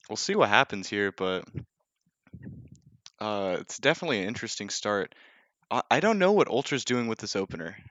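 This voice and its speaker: A young man calling a live game in a casual, joking tone, quick to poke fun at himself. His voice sits a little low. The home mic sounds dry and slightly dull. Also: fairly bright tone, dry recording. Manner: casual, joking, self-deprecating, with many fillers. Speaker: esports caster.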